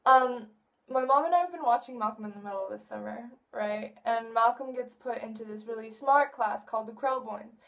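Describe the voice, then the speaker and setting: Teen girl rambling on in a video msg to her friend, kinda high voice, a bit far off the mic. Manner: chatty, rambling, quick to laugh. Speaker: vlogger addressing a friend. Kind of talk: casual video message.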